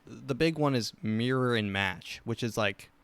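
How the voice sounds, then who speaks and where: A man's voice: medium pitch, unhurried, vocal fry, a bit bright, smooth, no echo. A young man hosting a casual chat show, rambling with lots of fillers and restarts. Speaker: podcast host.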